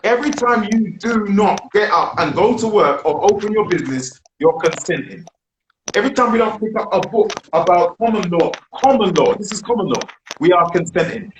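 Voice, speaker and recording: A man's voice: high-pitched, lively intonation, brisk. Emphatic British man, roomy sound. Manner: emphatic, preachy, asks rhetorical questions. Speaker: discussion host. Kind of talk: group discussion. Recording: roomy with faint noise.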